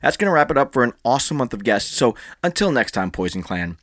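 A man's voice: medium pitch, very animated, fast talker, a bit bright, dry recording. Upbeat male podcast host, dry sound. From Filipino background. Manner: upbeat, friendly, laughs easily. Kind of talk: casual interview.

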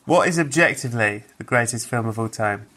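A man hosting a casual podcast interview, dropping quick, jokey remarks. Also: mid-range voice, expressive, pushed and bright. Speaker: podcast host.

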